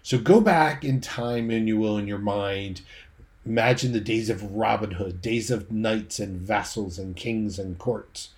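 A man's voice: lowish voice, measured pace. A man preaching a sermon, leading his listeners through vividly imagined scenes.

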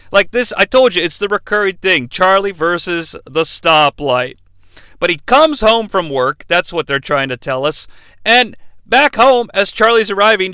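A man recapping a movie in an animated, joking commentary style. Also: sits high, smooth, no room sound. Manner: animated, joking, breaks into impressions. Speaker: movie reviewer.

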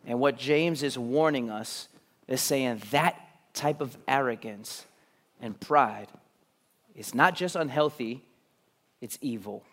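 A man preaching a sermon in an auditorium, dropping to near-whispers on key lines and building to loud, emphatic runs. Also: mid-range voice, takes it slowly. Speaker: pastor.

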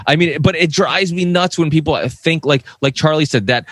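Co-hosting a casual podcast discussion, a man rants heatedly, swears freely, and gets so worked up that he talks in run-on restarts. His voice is a little high and a bit bright, at normal speed, with no room sound.

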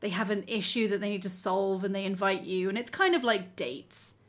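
Woman, podcast co-host, casual chat, animated, laughing, mid-pitched voice. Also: fairly quick. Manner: animated, laughing often, acting out quoted lines.

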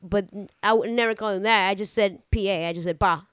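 A man's voice: high voice, fast talker, clear, resonant tone, dry recording, studio quality. A man from Argentina co-hosting a casual podcast, joking and filling his talk with "like" and "you know.". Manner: animated, joking, many fillers. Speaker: podcast co-host.

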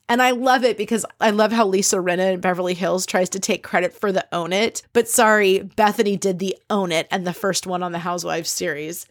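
A woman's voice: mid-range voice, a little fast, few pauses, no echo, studio quality. A woman hosting a podcast, recapping a reality TV episode in a chatty, gossipy way and quoting the people she talks about. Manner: chatty, gossipy, quotes people in animated asides. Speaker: podcast host.

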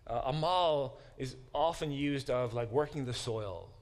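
A man lecturing on biblical studies in class speaks in a mid-range voice, pausing over Hebrew words to explain them and giving quoted speech a dramatic, acted-out delivery.

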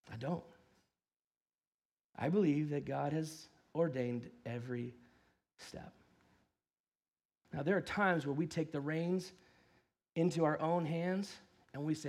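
Male pastor, forties, American, high pitch, dynamic sermon delivery with acted-out voices. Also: normal speed. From United States. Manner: swings from hushed to loud and emphatic; acts out voices in his stories.

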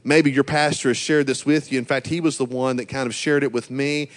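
A middle-aged man preaching a sermon as a visiting pastor, speaking at an ordinary pitch for a man. He is earnest and encouraging. He pauses often on "uh" as he moves between thoughts. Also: fairly even intonation. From Georgia, USA. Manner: earnest and encouraging, with frequent "uh" fillers. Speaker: guest pastor.

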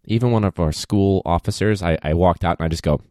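A man with a fairly low voice talks in a loose, wry way about his days as a teacher, dropping swear words freely. The sound is dry, with no room around it. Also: fast talker, a little mellow, no echo. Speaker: high school teacher. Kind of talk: casual vlog monologue.

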